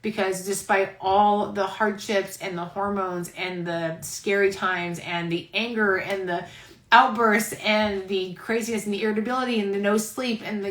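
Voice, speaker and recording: A woman's voice: mid-range voice, fairly bright tone, echoey room, poor audio. A pregnant woman hosting a casual live-stream chat, rambling and heartfelt, saying "like" constantly. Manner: chatty, rambling, heavy use of "like"; heartfelt, near tears. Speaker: host. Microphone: phone live stream.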